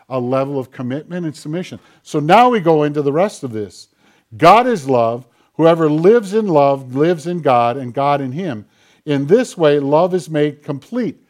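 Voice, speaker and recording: A man's voice: a little high, animated, moderate pace. A man, a pastor, preaching a conversational sermon and acting out quoted dialogue as he goes. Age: older.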